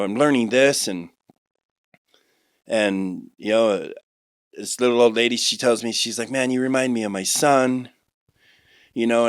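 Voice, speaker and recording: A man in his forties telling his life testimony on a podcast, rambling with many restarts and turning animated when he quotes others. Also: medium pitch, no echo, studio quality. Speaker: guest sharing a testimony.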